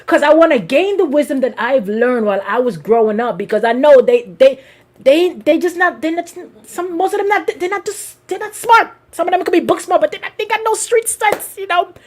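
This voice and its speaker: A woman with a bright, high-pitched voice preaches at a live service. She weaves personal stories into her message in a lively, animated way. She keeps restarting her phrases and calls out to people in the pews. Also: fairly quick. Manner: animated, repetitive restarts, addresses congregation directly. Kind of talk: live sermon with personal storytelling.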